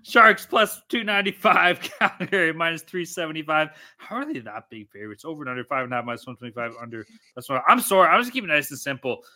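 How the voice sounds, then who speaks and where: A man's voice: a little high, very animated, fast talker, hardly any pauses, pushed and bright. A tipsy man hosting a casual sports podcast, talking in a crude, profane way and often laughing. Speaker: podcast host. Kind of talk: casual chat.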